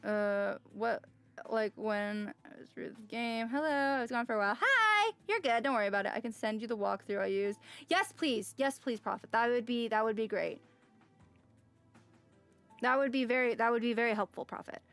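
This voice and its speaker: Female streamer with a high voice, chatty, sighs a lot, faint music behind. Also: normal speed, fairly bright tone, smooth. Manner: chatty, with frequent sighs and exclamations. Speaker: game streamer. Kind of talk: casual live-stream chat and reading game text aloud.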